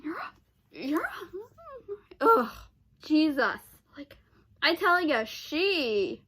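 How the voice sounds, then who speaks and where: A woman with a high, bright voice rambles through a personal story for her vlog. She restarts her sentences often and lets out sighs and exasperated groans along the way. Her tone sounds sharp and forward, and she keeps her delivery casual. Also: big pitch swings, slow pace. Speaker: vlogger.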